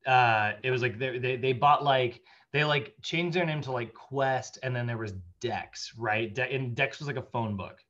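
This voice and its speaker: A man of middle pitch lectures a fitness training class in a loose, chatty way, packing his talk with fillers and asides. He laughs his way through stories. The recording is slightly muffled and lo-fi. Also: moderate pace, hardly any pauses, fairly bright tone. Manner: chatty, anecdotal, many fillers, laughs while telling stories. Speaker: fitness instructor.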